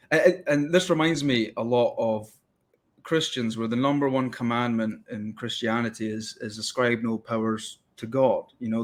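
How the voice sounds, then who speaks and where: Male podcast host, mid pitch, rambling and fired-up, acts out quotes. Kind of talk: casual interview chat.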